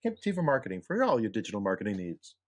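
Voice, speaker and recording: A man's voice: fairly low pitch, huge pitch swings, rapid-fire. A man co-hosting a podcast, from New York, telling jokes in casual chat and acting out the voices. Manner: dry storyteller, acts out joke voices. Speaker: podcast co-host.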